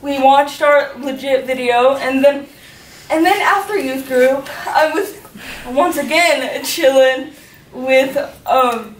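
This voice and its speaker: Teen girl, unhurried, chatty faith testimony, lots of "like", heard from across an echoey hall. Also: high voice, a little hiss or hum. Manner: chatty, filled with "like", laughing often. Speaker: youth group member giving a testimony. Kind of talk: personal faith testimony talk. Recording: echoey room, faint ambience, from far off.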